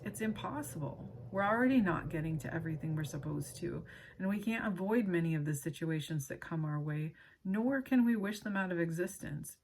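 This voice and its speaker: A woman hosting her channel, reading a book aloud with casual personal asides. She is earnest and emotional and pauses often to apologize. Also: on the low side, a little hiss or hum.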